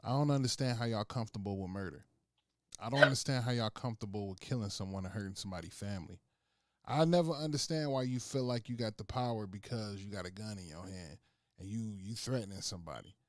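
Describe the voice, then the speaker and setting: A man's voice: fairly low pitch, fast talker, dry recording, studio quality. A man co-hosting a podcast, speaking in an impassioned way and repeating phrases for emphasis. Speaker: podcast co-host. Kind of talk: casual chat.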